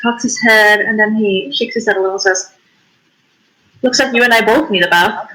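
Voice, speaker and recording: A woman's voice: mid-range voice, normal speed, bright, forceful tone, poor audio. A woman playing a tabletop game, casually narrating her character's actions. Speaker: player. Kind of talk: tabletop role-play chat.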